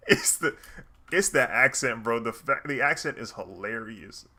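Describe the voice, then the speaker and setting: A man's voice: medium pitch, bright, forceful tone. A man talking casually while he draws, rambling and laughing often. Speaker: artist streaming while drawing. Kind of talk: casual commentary while drawing.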